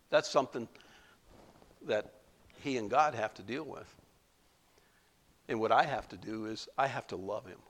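A male pastor giving a sermon, conversational and emotional, often laughing and saying "you know". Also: mid-range voice. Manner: conversational preaching with frequent laughs and fillers.

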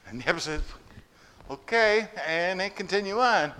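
A man's voice: sits high, lively intonation, normal speed, sharp tone, clean tone. A man preaching a sermon to a church congregation, telling stories and asking the people questions. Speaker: pastor.

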